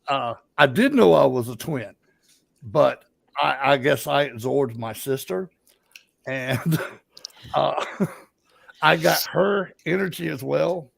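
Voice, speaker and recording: Southern man, middle-aged, very gravelly voice, slightly higher pitch, dry close sound, folksy rambling storyteller. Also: no room sound. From Alabama. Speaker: co-host. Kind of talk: casual storytelling chat.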